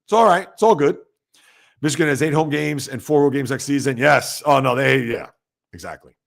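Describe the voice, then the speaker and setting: A man hosting a sports talk livestream at home, speaking loudly and emphatically, rambling conversationally and answering viewer comments. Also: mid-range voice, lively intonation, fairly quick, gravelly. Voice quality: loud, emphatic delivery. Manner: rambling, conversational, talks back to chat.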